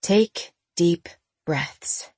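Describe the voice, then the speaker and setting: Husky woman reading a novel aloud. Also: fairly low pitch, extremely slow, darkish tone, dry recording. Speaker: audiobook narrator. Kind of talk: scripted narration.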